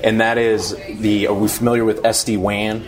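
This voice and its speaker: Guy explaining business networking, lowish voice, store crowd behind. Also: little pitch movement, normal speed. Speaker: sales manager guest.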